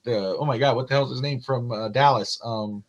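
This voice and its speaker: A man co-hosting a sports podcast, telling stories in a loose, animated way and swearing freely. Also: medium pitch, brisk, dull audio. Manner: animated, profane storyteller. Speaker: podcast co-host. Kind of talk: casual sports chat.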